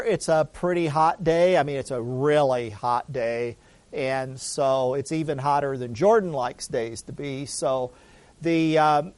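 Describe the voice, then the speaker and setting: A man giving a sermon who tells the story loosely and conversationally, often restarting and adding asides. His voice sits a bit higher than most men's. The sound is dry and close, with almost no room echo. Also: a little mellow. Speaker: pastor.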